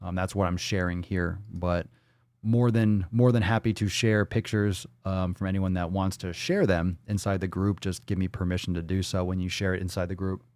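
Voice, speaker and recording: A man's voice: low voice, steady tone, moderate pace, darkish tone, no echo, clean studio sound. Hype, profane male livestream host. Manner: hype, profane, playful catchphrases. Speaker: podcast host. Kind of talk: casual livestream chat.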